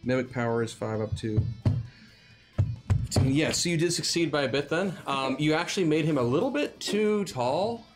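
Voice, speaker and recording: A man running a tabletop role-playing game as game master, relaxed and affirming. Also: a little high, normal speed, faint music behind.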